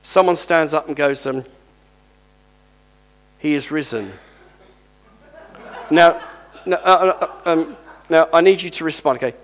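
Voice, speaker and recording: A male preacher giving a sermon, reading scripture aloud and lively calling on the congregation to respond. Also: on the high side, moderate pace.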